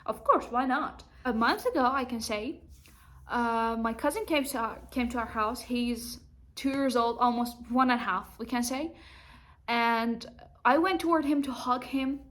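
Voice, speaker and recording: A woman's voice: on the high side, a little slow, a bit bright. A young adult woman vlogging at home, telling a personal story to the camera and acting out the things people said in a raised voice. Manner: acts out quoted dialogue in a raised voice.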